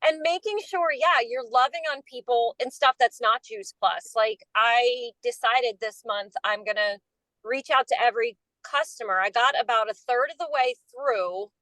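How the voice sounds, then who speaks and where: A woman calling into a group meeting from a car, bubbly and a little hurried. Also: on the high side, fairly bright tone, dry recording, low-quality recording. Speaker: guest distributor. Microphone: phone on a call.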